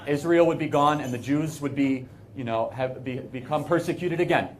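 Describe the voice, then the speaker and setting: American guy giving a speech at an event, emphatic, lots of ums and restarts, average pitch. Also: normal speed, a little hiss or hum. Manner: earnest and emphatic, with frequent fillers and restarts. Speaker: guest speaker at an event. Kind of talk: speech to a live audience.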